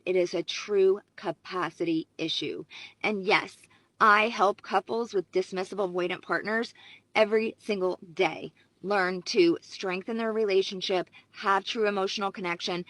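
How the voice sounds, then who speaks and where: Brief: a woman psychologist, bright and emphatic, recorded dry and close. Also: mid-range voice, no room sound, rough recording. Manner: confident, explanatory, emphatic. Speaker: relationship psychologist. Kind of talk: advice video talk to camera.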